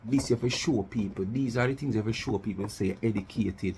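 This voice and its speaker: Gravelly Jamaican man ranting. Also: fairly low pitch, fast, hardly any pauses, a little mellow, slight background noise. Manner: challenging, repeats rhetorical questions, mixes patois. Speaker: vlogger. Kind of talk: ranting commentary.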